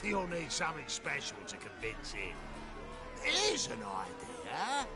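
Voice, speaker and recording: A man's voice: on the high side, wildly swooping pitch, takes it slowly, heavily acted. An actor voicing a brash, boastful male pit fighter who talks crude and cocky, in video game acting. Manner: loud hollering showman, crude and cocky. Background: game music.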